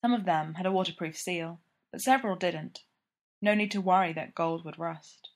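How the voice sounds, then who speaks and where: Woman narrator, calm and even, reading fiction aloud. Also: lowish voice, normal speed. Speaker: audiobook reader.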